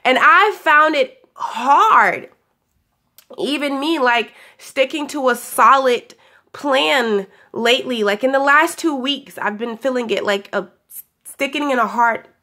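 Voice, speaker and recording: A young woman giving a casual daily spiritual pep talk, chatty and affectionate, her voice still a little hoarse from recovering. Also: sits high, slow, bright, forceful tone. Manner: chatty and affectionate, laughs often, calls listeners "honey". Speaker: spiritual guidance vlogger.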